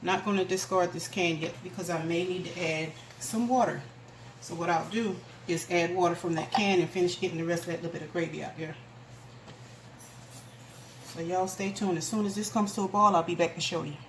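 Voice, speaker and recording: A woman's voice: fairly low pitch, steady tone, fast. Woman, casual cooking vlog, homey and chatty, echoey kitchen, household noise. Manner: homey, chatty, addresses viewers as "y'all". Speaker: home cooking vlogger. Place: home kitchen.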